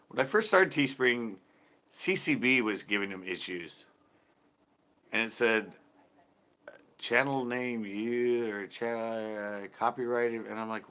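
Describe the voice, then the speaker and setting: Laid-back guy hosting a chill livestream, kinda tired, chuckles a lot, lowish voice but bright and forward. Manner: laid-back, chuckles often, trails off mid-sentence. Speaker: channel host reading live chat. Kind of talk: casual livestream chat.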